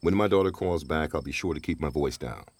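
A deep-voiced wisecracking drifter. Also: male voice, fairly quick, a little mellow, no echo. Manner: wisecracking, talkative, laughs often. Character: down-on-his-luck divorced father, chatty and wry. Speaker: the actor. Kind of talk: radio drama acting.

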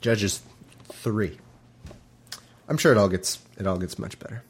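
A man giving sarcastic, irreverent commentary between readings, often halting and restarting his sentences. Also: on the low side, breathy edge. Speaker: podcast host reading scripture.

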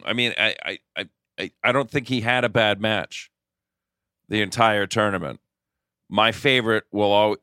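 Low-voiced man telling excited, rambling stories. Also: clean tone, no room sound, studio quality. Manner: rambling, laughing, excitable storytelling. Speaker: podcast co-host. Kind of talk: casual chat.

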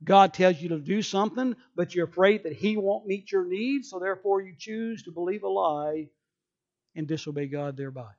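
A man's voice: high voice, moderate pace, darkish tone, muffled recording. A male pastor preaching a sermon emphatically, acting out people's excuses in quoted voices.

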